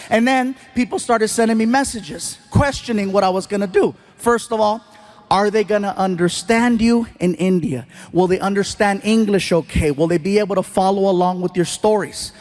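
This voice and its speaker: High-voiced animated stand-up comedian, male. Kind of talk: stand-up storytelling.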